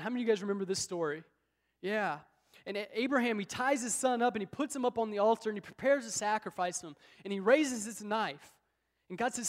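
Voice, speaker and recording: High-voiced man preaching in a reverberant hall. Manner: dramatic storytelling, acts out biblical speakers. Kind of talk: sermon.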